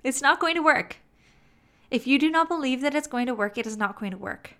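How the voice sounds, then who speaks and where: A woman teaching self-help in a slow, deliberate way, with playful asides. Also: high voice, lively intonation, fairly bright tone. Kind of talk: motivational teaching monologue.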